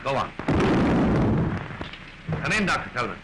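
A hissy early-1930s soundtrack carries a medium-pitched, sing-song, unhurried voice: an actor portraying the tired, wry middle-aged king of a small country. He speaks with dry, understated irony, in the manner of 1930s cinema.

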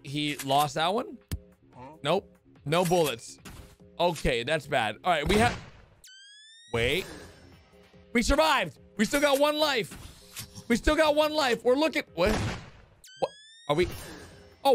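Hyped up guy reacting to cartoons, high voice swinging all over, bit of music behind. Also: a bit bright. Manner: exclaims and gasps, talks to viewers as guys. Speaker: reaction video host. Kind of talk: excitable reaction commentary.

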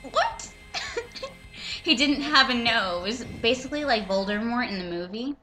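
Slow, bright-voiced young woman reading aloud. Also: fairly high pitch, sing-song, soft background music. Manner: reads slowly, breaks into laughter and sarcastic asides. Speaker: reader and commentator. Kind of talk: mocking dramatic reading of fan fiction.

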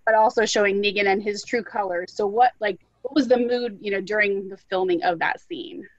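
A woman's voice: medium pitch, fairly even intonation, brisk, no echo. Woman host with dry, dull audio. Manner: hesitant, winding question with "you know" fillers. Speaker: podcast co-host. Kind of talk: interview questions.

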